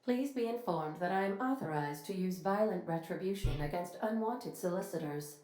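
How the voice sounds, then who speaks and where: A woman's voice: on the low side, normal speed, a little mellow, close to an everyday voice. A woman voicing a prim ship computer. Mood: formal warning. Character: polite literal-minded female ship computer. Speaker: ship's AI. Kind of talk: video game voice acting. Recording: echoey game audio with faint music.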